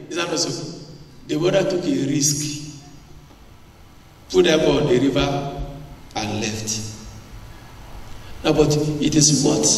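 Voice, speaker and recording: A man preaching a sermon, animated, who often asks the congregation questions. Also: medium pitch, vocal fry. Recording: echoey church hall, distant mic.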